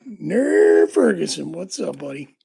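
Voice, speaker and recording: A man hosting a laid-back livestream, talking to his viewers while he works on a lock. His voice is gravelly and quite husky, and he rambles through stories with plenty of ums and likes. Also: a little high, big pitch swings, takes it slowly, mellow. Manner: rambling, laid-back storytelling with frequent fillers. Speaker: livestream host. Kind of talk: casual livestream chat while lockpicking.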